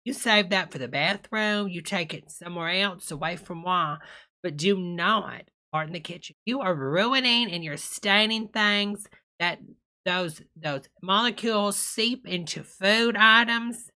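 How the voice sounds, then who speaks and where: A woman's voice: mid-range voice, measured pace, pushed and bright. A woman hosting a comic reaction video, sassy and calling everyone honey.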